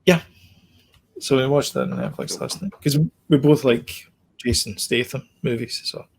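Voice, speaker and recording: A man's voice: mid-range voice, wildly swooping pitch, vocal fry, slightly rough. A man co-hosting a podcast in casual chat, rambling with lots of ums. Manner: rambling, fills pauses with ums. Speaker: podcast co-host.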